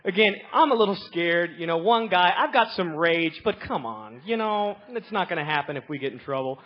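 Woman preacher, husky voice, animated storyteller who drops low then shouts, lo-fi sound. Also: fairly quick. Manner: animated, swings from quiet to shouting. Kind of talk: storytelling sermon. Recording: slightly dull lo-fi recording.

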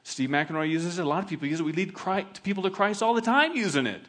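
A middle-aged male pastor preaching a sermon, telling stories in an animated, laughing way. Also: sits high, fast.

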